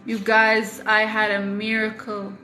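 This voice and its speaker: A woman speaking slowly and deliberately to camera in a confessional vlog, her voice bright and fairly high. She leans on repetition and blunt language to drive her points home. The room is echoey. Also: monotone, faint music behind. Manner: emphatic, repeats phrases for weight, swears. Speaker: vlogger.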